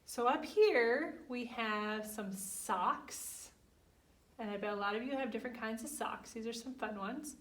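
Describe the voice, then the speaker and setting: A woman leading a children's library storytime, gently explaining pictures to young kids. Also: fairly high pitch, steady tone, a little slow. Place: library room. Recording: echoey room, mic far off.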